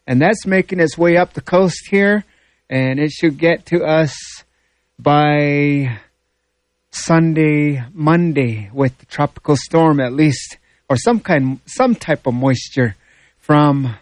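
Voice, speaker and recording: A man hosting a morning radio show, introducing country songs and chatting through the weather forecast in a relaxed, rambling way. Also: on the high side, no echo. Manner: slow, relaxed, rambling with fillers.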